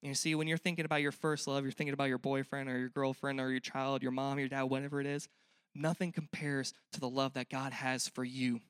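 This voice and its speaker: A man's voice: mid-range voice, little pitch movement, a little fast, a bit bright, smooth, no room sound, studio quality. A young man preaching a sermon in a church, earnest and conversational, often asking the listeners questions. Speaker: pastor.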